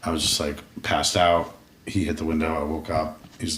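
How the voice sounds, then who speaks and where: A man's voice: a bass voice, steady tone, normal speed, fairly bright tone, a little hiss or hum. A man guest on a podcast, telling a rambling, profane story with many restarts in a casual interview. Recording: roomy echo, distant mic.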